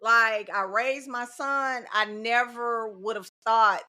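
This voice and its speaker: A middle-aged woman talks in a relaxed podcast chat. Her voice is bright and sits a little high. She speaks with emphasis and comes back to the same phrases to drive her points home. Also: takes it slowly. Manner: emphatic, repeats key phrases. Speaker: teacher and guest. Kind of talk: casual podcast conversation.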